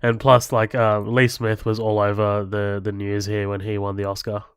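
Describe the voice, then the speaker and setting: A man's voice: on the low side, completely flat delivery, moderate pace, clear, resonant tone, no echo, clean studio sound. A man co-hosting a casual movie podcast, laid-back and swearing often. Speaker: podcast co-host.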